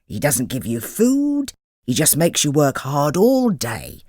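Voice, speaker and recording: A man's voice: fairly high pitch, wildly swooping pitch, slow pace, a little mellow, no room sound, studio quality, exaggerated voice. A man voicing a kind, loyal male camel who sympathizes with his friend in a storybook. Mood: sympathetic. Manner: sympathetic, chatty.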